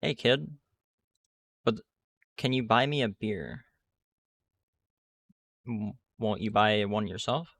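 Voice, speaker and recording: A man's voice: lowish voice, slow, long pauses, a bit bright, no room sound, exaggerated voice. A man reading the lines of a blunt male panhandler in a video game who asks for a beer. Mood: pushy.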